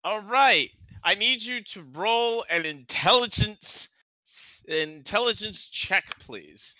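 A man narrating a tabletop game as game master, halting and restarting as he describes scenes. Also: sits high, animated, pushed and bright, dry recording, rough recording.

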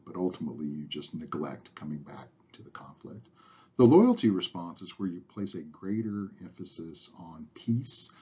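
A man with a very low, mellow voice and a slightly husky edge talks through lecture slides. He is relaxed, fills pauses with "uh," and lets his phrase ends trail off quietly. The recording sounds dull and lo-fi. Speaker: instructor.

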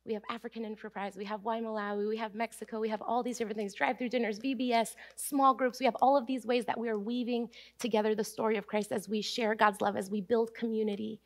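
A woman delivers a sermon in a church with a fairly high voice. She preaches earnestly and with emphasis. She slows down and leans on the key phrases. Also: level tone. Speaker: pastor. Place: church sanctuary.

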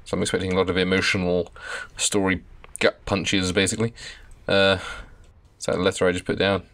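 A man with a very deep voice and a gravelly edge chats his way through a horror game. He tosses in wry asides as he plays. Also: level tone, a little fast, a bit bright. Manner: chatty, wry, laughing asides. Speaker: let's play host. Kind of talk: casual gameplay commentary.

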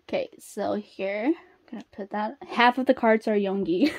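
A woman chatting casually as she unboxes, excitable and gasping at each reveal, then dropping to soft murmurs in between. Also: mid-range voice, moderate pace. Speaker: unboxing vlogger.

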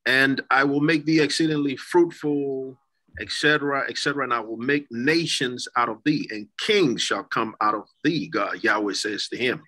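A man's voice: medium pitch, moderate pace, sharp tone, low-quality recording. A man hosting a church talk show, reading scripture aloud and then putting a question to his guest. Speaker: host.

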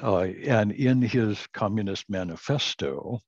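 Husky older-sounding guy teaching a class online, slow and halting, lots of uhs, dull muffled mic. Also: fairly low pitch, a little mellow, no room sound. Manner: halting, many uh fillers and restarts, chuckles at own jokes. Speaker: Bible teacher. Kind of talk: recorded online class lecture.

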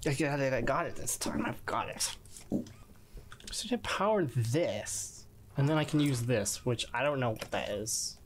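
A woman's voice: a bass voice, expressive, a little slow, noisy background. A woman streamer giving jittery gameplay commentary, talking to herself with whispered asides.

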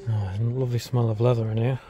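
A man's voice: medium pitch, little pitch movement, fast talker, dark tone, muffled recording. A man hosting his own vlog, chatting casually to camera and musing aloud as he looks round cars at a show. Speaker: vlog host. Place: busy electric car show. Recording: busy show crowd behind.

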